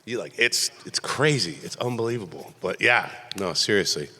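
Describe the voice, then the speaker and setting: A middle-aged man answering questions at a convention panel, animated and joking, rambling loosely with plenty of asides. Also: lowish voice, normal speed, slightly rough. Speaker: voice actor panel guest. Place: large convention panel hall. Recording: echoey convention hall.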